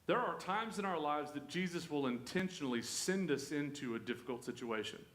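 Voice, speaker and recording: A man teaching a Bible study in a loose, joking, conversational way, his voice sitting a little high. The room rings with echo around him, as it would in a church hall. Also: fairly quick. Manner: folksy, joking, animated. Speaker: pastor leading Bible study. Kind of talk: conversational sermon. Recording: echoey room.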